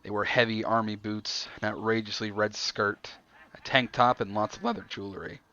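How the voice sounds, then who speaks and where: A man streaming himself reading an interactive story aloud, thinking out loud between the narration. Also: on the low side, steady tone, moderate pace, dull audio.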